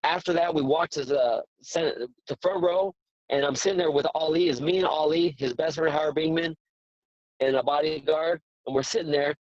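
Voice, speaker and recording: Man in his forties, boxing trainer, eager storyteller, a bit high-pitched, dry and dull lo-fi sound. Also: normal speed, no room sound. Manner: earnest, excitable storyteller who repeats words. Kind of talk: casual interview storytelling.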